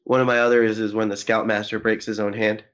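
A man's voice: lowish voice, flat delivery, fairly quick, fairly bright tone, clear, resonant tone, muffled recording. A man co-hosting a casual podcast who talks loosely and swears freely. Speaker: podcast co-host.

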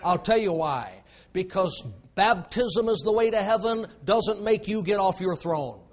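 High-voiced preacher with drawl. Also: male voice, animated, a little mellow. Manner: emphatic preaching with dramatic pauses and sudden drops to a low voice. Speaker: pastor. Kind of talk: sermon.

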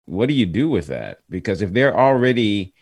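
A man's voice: fairly low pitch, very animated, moderate pace, darkish tone, husky, dry recording. A man hosting a podcast, chatting and asking long set-up questions. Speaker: podcast host. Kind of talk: podcast interview.

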